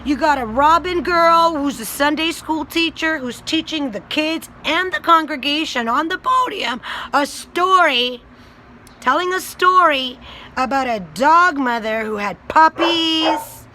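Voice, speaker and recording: A woman's voice: high voice, a little slow, pushed and bright, slight background noise, low-quality recording. A woman vlogger and self-described child advocate giving a blunt, profane, angry rant straight to her viewers. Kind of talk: ranting video commentary.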